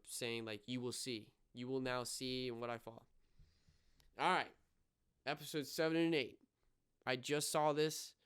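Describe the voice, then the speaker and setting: Young male podcast co-host, casual recap delivery, very smooth clean voice, mid pitch, earnest. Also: a bit bright. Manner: earnest, retells scenes with many fillers. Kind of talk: casual show review.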